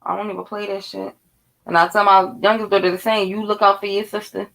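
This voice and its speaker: A woman in her thirties from North Philadelphia with a Philly accent, telling a story to her viewers in a casual, animated, profane way. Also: mid-range voice, fast talker, vocal fry, low-quality recording. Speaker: vlogger.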